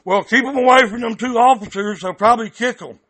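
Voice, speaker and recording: A man's voice: extremely high pitch, fast talker, sharp tone. A man on a heated phone call, blunt and angry, stammering and cursing as he complains. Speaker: caller, activist recording his calls.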